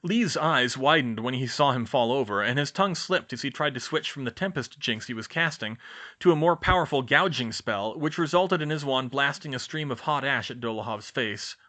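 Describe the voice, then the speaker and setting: A man narrating a fan fiction audiobook in a lively, expressive reading. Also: mid-range voice, normal speed. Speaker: audiobook reader.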